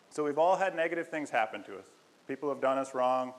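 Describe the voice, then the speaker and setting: A man's voice: mid-range voice, quick pace, low-quality recording. A young man preaching a casual, joking sermon, telling stories with self-deprecating humor. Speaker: lay preacher.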